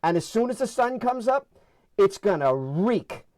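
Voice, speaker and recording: A man with a New York accent telling funny stories in a casual, animated way, acting out the voices in them. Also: sits high, unhurried. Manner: animated, acts out voices in anecdotes. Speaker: guest storyteller. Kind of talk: casual storytelling.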